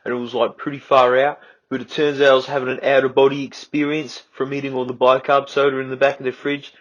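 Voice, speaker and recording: A man's voice: medium pitch, little pitch movement, quick pace, a bit bright, lo-fi sound. A man with an Australian accent telling absurd comic stories in a slack drawl full of "like" and "mate". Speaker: comedic YouTuber. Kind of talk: rambling absurd comic monologue.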